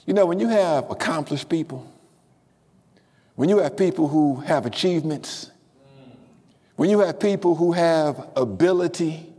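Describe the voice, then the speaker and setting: A man preaching a sermon. He is emphatic, swinging from hushed lines to shouts and repeating key phrases. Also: high-pitched. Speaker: pastor. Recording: long reverb of a large hall.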